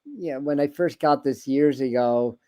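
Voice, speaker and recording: A man's voice: mid-range voice, a little slow, mellow. A man hosting a tarot livestream in casual chat, rambling with many restarts and repeated words. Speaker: tarot reader and livestream host.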